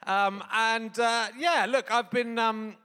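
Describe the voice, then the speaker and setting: A man's voice: very high-pitched, fairly even intonation, slow, pushed and bright, smooth, long reverb tail. A man hosting a casual interview, teasing his guest with jokes and hesitant fillers. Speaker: host.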